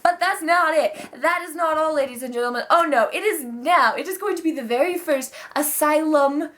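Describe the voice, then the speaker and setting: A young woman giving a casual, profane, animated vlog recap of a wrestling show, full of fillers and outbursts. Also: high voice. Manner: profane, animated, excitable, fast-talking with many fillers.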